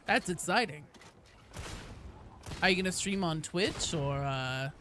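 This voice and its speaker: A young woman streaming a game, chatting casually and greeting viewers with bursts of excitement. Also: fairly low pitch, slow, long pauses, slight background noise. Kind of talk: casual gaming stream chat.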